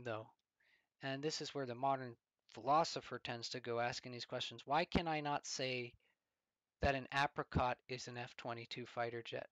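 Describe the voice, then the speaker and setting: A man giving a storytelling commentary, deliberate and fond of rhetorical questions. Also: medium pitch, fairly bright tone, smooth, no room sound, poor audio.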